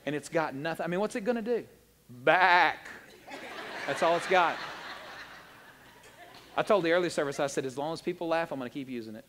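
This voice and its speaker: A pastor preaching a lively, joking sermon and acting out little voices. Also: male voice, a little high, quick pace, pauses often, long reverb tail, background noise. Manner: animated, jokey, acts out little voices.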